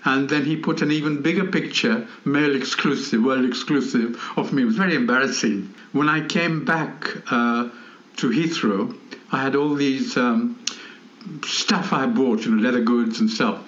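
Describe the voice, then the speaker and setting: An older man recounts his reporting days in a mid-pitched voice, chuckling as he goes and filling pauses with ums and you-knows. The recording sounds roomy and slightly muffled. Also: fairly bright tone. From India, Calcutta. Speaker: veteran foreign correspondent. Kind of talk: anecdotal storytelling in an interview.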